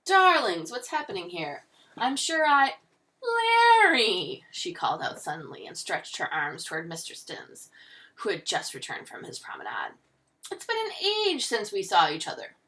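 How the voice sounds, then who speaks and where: A woman's voice: on the low side, wildly swooping pitch, moderate pace, sharp tone, distant mic, full character voice. A woman reading aloud and voicing a glamorous, theatrical female soap opera star with a fake English accent. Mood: gushing. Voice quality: grand, gushing delivery.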